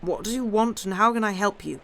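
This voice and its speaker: A woman's voice: mid-range voice, a little fast, gravelly, a bit bright. A woman voicing a capricious, imperious old male official with a lisp. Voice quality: lisping.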